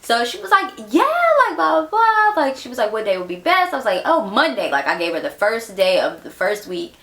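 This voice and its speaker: A young woman in her twenties telling a story in a casual vlog, chatty and animated, acting out the people she quotes. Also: a little high, fairly quick, roomy sound. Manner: chatty, animated, acts out quoted voices, frequent "like", laughs. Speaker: vlogger.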